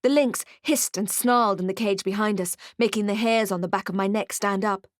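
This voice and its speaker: A woman reading an audiobook in first person with wry, expressive storytelling. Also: mid-range voice, a little fast, no echo, studio quality. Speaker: audiobook narrator. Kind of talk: scripted first-person narration.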